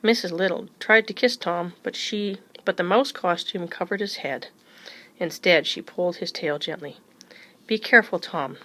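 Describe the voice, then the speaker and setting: A woman reading a children's chapter book aloud in a gentle, even storytelling manner. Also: fairly low pitch, normal speed, rough recording. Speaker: reader.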